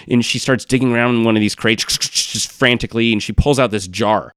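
Man, game master, low-pitched, dry sound, relaxed narration with fillers. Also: normal speed, few pauses, clear, resonant tone, no echo. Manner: casual, laughing, many fillers.

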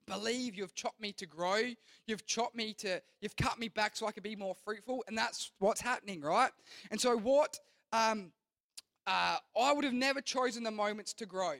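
Young man, youth pastor preaching, high voice, earnest rambling delivery full of restarts, dry sound. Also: a bit bright, dry recording. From Australia. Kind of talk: youth sermon.

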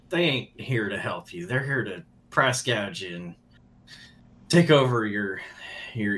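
A male player at a tabletop game, mid-pitched and easygoing. He lays out his reasoning with wry, laid-back humor, over a faint hum of background noise. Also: a bit bright. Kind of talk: casual in-character talk.

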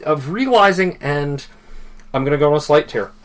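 A man's voice: a little high, animated, moderate pace. A man hosting a podcast in casual chat, rambling with many fillers and restarts. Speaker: podcast host.

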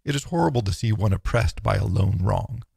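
A man reading a philosophical text aloud in a measured, solemn, declaiming way, close to the mic. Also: on the low side, animated, vocal fry, darkish tone, breathy edge, no echo. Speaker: narrator.

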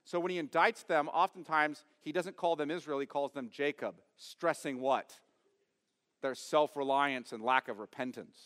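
Man preaching, voice a bit high, big echoey church hall, punchy and emphatic. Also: fairly even intonation, normal speed, fairly bright tone. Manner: emphatic, rising and dropping for stress, asks the congregation questions. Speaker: pastor. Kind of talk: sermon. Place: church sanctuary.

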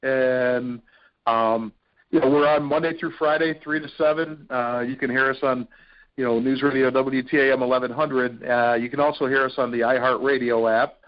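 A man from Ohio, a radio personality, telling stories as a podcast guest in an animated, excitable way. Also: mid-range voice, normal speed. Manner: animated, excitable storyteller with frequent fillers. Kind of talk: casual storytelling interview. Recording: dull lo-fi podcast audio.

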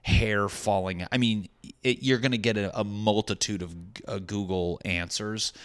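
A man's voice: fairly low pitch, fairly even intonation, moderate pace, fairly bright tone. A young man, a stand-up comedian, telling a rambling, profane, self-deprecating story in casual chat.

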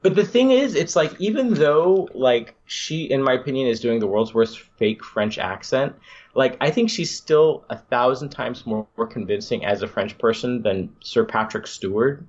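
A man's voice: medium pitch, lively intonation, moderate pace, a little mellow, muffled recording. A man hosting a podcast, chatting casually and enthusiastically with some rambling restarts. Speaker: podcast host.

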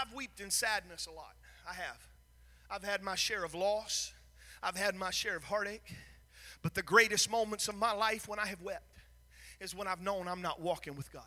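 A male pastor with a very high, piercingly bright voice, preaching with fervor that swings between hushed confession and loud shouts. His sermon carries a long reverb in a church sanctuary.

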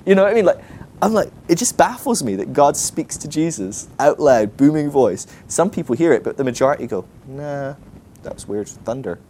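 A young man giving a casual, animated teaching talk at a ministry school, often acting out the quoted voices. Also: on the high side, a little fast, a little hiss or hum.

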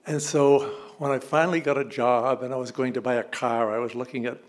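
An older man telling a nostalgic personal story live on stage, relaxed and chatty, asking the audience questions. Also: medium pitch, slightly rough.

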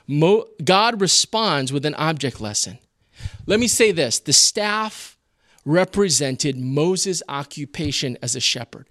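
High-voiced, animated preacher man. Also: takes it slowly, dry recording, clean studio sound. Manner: expressive, teaching, uses rhetorical questions. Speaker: pastor. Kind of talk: sermon.

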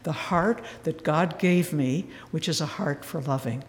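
The big-room sound of a large church surrounds an older religious sister giving a retreat talk. Speaking a little slowly in a low-pitched voice, she tells stories with earnest warmth and a wry sense of humor.

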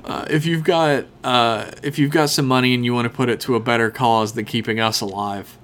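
A man's voice: medium pitch, steady tone, brisk, a bit bright, a little hiss or hum. Laid-back swearing podcast guy. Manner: rambling, laughing, crude casual. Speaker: podcast co-host. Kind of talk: casual podcast chat with swearing.

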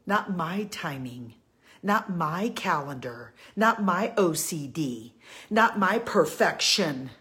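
Lowish and creaky, a woman's voice carries a heartfelt faith message to the women who follow her. As a Christian women's encourager, she pleads earnestly and repeats key lines to emphasize them.

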